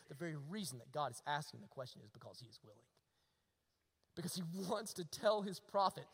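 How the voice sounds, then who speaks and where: A male pastor preaching a sermon, using rhetorical questions and swinging between hushed and emphatic delivery. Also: on the high side, big pitch swings, brisk, creaky, slightly rough, in a large hall.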